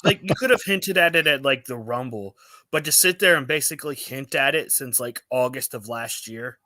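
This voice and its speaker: A man's voice: mid-range voice, moderate pace, pushed and bright, dry recording. A man co-hosting a casual wrestling podcast, making wry, opinionated remarks. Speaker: podcast co-host. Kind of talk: casual wrestling review chat.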